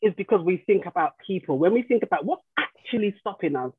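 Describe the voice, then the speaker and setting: Husky, fairly low-pitched and expressive, this woman talks fast over a tinny phone-like line. As a middle-aged grandmother and life coach in casual podcast chat, she mimics relatives' voices while telling family stories and laughing easily.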